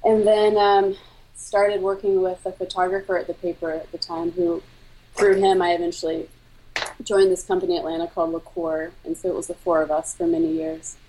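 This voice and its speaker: A woman's voice: fairly low pitch, level tone, a little fast, mellow, a little hiss or hum, low-quality recording. A woman wedding photographer answering interview questions in a conversational, reflective way. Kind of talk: casual interview.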